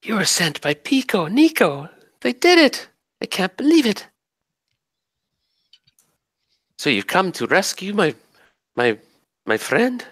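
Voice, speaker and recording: Guy doing a high breathy fairy tree lady, gentle, kinda pleading, tabletop game voice. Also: sing-song, slow pace, long pauses, dry recording, studio quality, exaggerated voice. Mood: excited. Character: graceful female tree spirit, gentle and fey.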